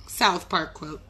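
A woman's voice: on the low side, fairly bright tone, a little hiss or hum. A young woman chatting casually as she works on art during a live stream, rambling and playful, often talking to herself. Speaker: artist livestreaming. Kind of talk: casual chat while working.

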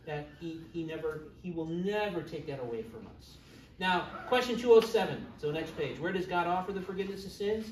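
A man's voice: on the high side, animated, a little fast, slight background noise. A middle-aged man teaching a church confirmation class in a chatty way, joking with his students. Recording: echoey room, far from the mic.

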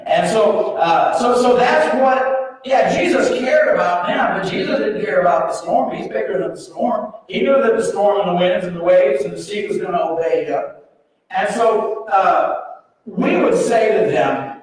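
A man's voice: high voice, a little slow. A man preaching a sermon as pastor, telling the story in a folksy, humorous way and acting out the voices. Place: church sanctuary. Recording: echoey hall, mic far off.

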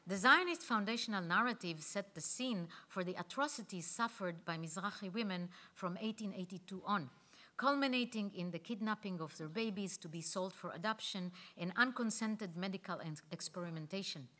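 A woman and conference speaker reading her own memoir aloud, measured and reflective, with pauses. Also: mid-range voice, pushed and bright.

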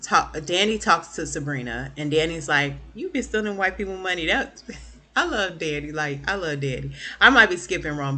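A woman casually recapping a TV episode for her viewers, chatty and animated, acting out the characters' lines. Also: on the low side. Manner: chatty, lots of fillers and asides to viewers. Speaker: TV recap vlogger.

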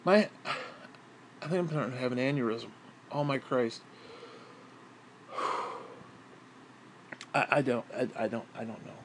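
A man delivering an exasperated, profanity-laden solo rant, sighing and swinging between yelling and muttering. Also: medium pitch, unhurried, long pauses, slight background noise. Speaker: wrestling commentary YouTuber.

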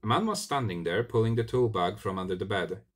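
Deep-voiced man reading a story aloud. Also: quick pace. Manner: animated, expressive reading with small slips. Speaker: reader.

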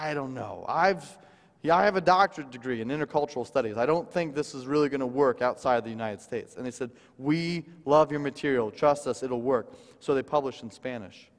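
Preacher in a reverberant church hall. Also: male voice, mid-range voice. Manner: dynamic, swings from loud emphasis to hushed quoted lines. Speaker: guest preacher. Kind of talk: sermon storytelling. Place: church sanctuary.

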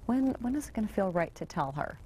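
A woman telling her own story in an interview, quick and halting, acting out quoted dialogue. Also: mid-range voice, sing-song, a little mellow, breathy edge. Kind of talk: personal storytelling.

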